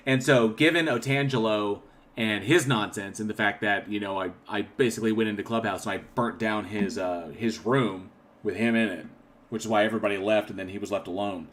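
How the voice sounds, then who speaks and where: Rambling man clearing his throat. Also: fairly low pitch, fairly bright tone. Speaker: channel host. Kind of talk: casual livestream commentary, reading chat comments.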